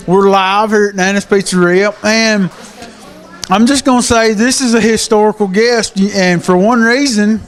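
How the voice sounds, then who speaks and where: A man hosts a casual talk show live from a pizzeria. His voice sits fairly high, and his chat is folksy and easygoing. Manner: folksy, easygoing, laughs often.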